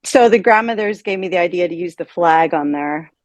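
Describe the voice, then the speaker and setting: A woman's voice: on the low side, brisk, a little mellow, dry recording. A woman hosting an online event, chatting casually and cheerfully with small laughs. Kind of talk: casual chat on a video call.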